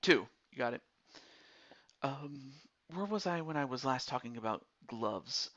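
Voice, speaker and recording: A streamer with a mid-range, fairly bright voice and lively intonation chats unhurriedly through a baseball game's character creation menus, reading each choice aloud to a viewer as he picks it. It's casual game commentary, and the audio sounds dull.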